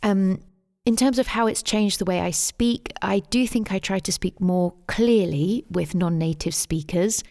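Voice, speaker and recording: A middle-aged woman with a London English accent, answering interview questions as the guest, measured and thoughtful, with plenty of "um" and "you know". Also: fairly low pitch, a little mellow. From England. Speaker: guest, English teacher and tour guide.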